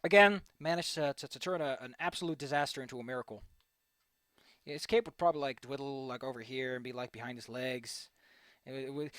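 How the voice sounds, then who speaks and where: A man's voice: medium pitch, fairly quick, a bit bright, dry recording. A young man rambling goofily as he draws on a stream, repeating words playfully and joking to himself. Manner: goofy, rambling, playful repetition. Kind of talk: casual commentary while drawing.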